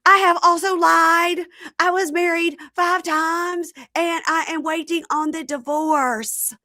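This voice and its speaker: A shrill, pleading woman stretches out each confession in a high, slow whine, as a podcaster imitates her. The sound is close and dry. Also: steady tone, bright, forceful tone, no room sound, heavily acted.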